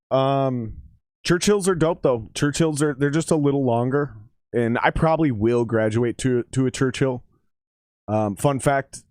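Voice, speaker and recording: A man's voice: on the low side, darkish tone, no echo. Rambling, profane man on a dry close mic. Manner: rambling, profane, with many fillers. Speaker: streamer commenting on a game. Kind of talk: casual livestream chat and commentary.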